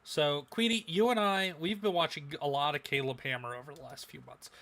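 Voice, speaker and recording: A man co-hosting a casual livestream podcast, animated and repeating phrases for emphasis. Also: on the high side, fairly quick. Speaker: podcast co-host.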